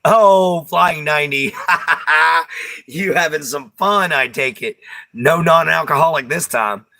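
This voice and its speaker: A man's voice: fairly high pitch, takes it slowly, vocal fry, sharp tone. A man with a Texan accent hosting a livestream, chatting casually with viewers, laughing often and using Southern slang. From Texas. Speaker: livestream host. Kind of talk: casual chat reading viewer comments.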